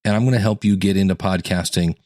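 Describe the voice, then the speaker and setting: A man hosting a teaching podcast in a casual, conversational way, acting out quotes with sudden jumps in pitch. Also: steady tone, fast talker, a little mellow, dry recording, studio quality. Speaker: podcast coach and host.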